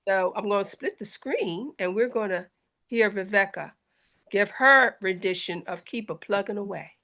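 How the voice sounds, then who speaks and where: A woman from South Carolina moderating a video-call discussion, brisk and organizing, with joking asides. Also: mid-range voice, lively intonation, pushed and bright. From South Carolina, USA. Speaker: host and moderator.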